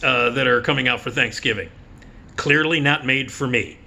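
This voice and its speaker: A man's voice: mid-range voice, creaky, sharp tone, a little hiss or hum. A man giving a casual preview of upcoming movies as a critic, blunt and profane, with sarcastic asides. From United States. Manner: does quick mocking impressions. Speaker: film critic.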